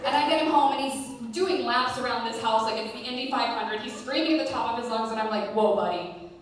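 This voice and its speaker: A woman performing a stand-up comedy set live on stage, telling a story in a deadpan way with filler ums. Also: fairly high pitch, fast. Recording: echoey hall from a distance, audience noise.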